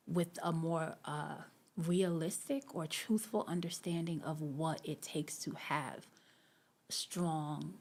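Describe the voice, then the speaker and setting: Woman podcast host, deep and a little raspy, chatty reflective monologue with lots of "you know.". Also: a little mellow. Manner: conversational, many fillers and asides to listeners.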